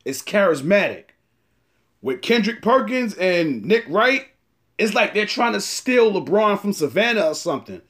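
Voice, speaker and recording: A man hosting a casual sports talk show, animated and slangy, hyping up his co-host. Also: high-pitched, moderate pace. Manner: animated, slangy, hyped-up delivery.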